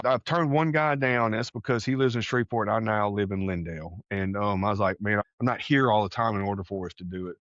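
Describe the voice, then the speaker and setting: A Texan man guesting on a podcast tells his story in an earnest, folksy manner, acting out conversations he remembers. His mid-range voice is recorded dry, with a dull lo-fi sound.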